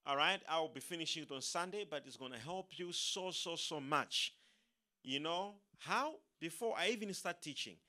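Guy preaching a sermon, pretty high voice, bright and punchy, keeps repeating words. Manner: animated, repeats words, acts out quoted speakers.

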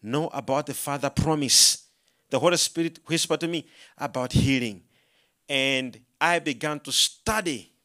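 A male preacher with a fairly high, bright voice delivers a sermon in an animated storytelling way. He swings between hushed, low asides and loud, emphatic proclamations, acting out his own prayers as he goes. His pitch moves constantly. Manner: rising to loud emphatic proclamation when quoting scripture.

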